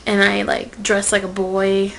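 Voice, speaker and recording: A young woman telling a personal story to camera in a casual vlog, swinging from loud outbursts to whispered asides. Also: medium pitch, completely flat delivery, measured pace, gravelly, a little hiss or hum, low-quality recording. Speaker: vlogger.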